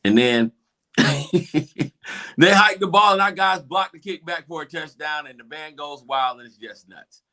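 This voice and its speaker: Male host, high-ish animated voice, excitable storyteller. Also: unhurried. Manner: excited storytelling, acts out crowd reactions. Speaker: show host. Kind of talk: animated game recap.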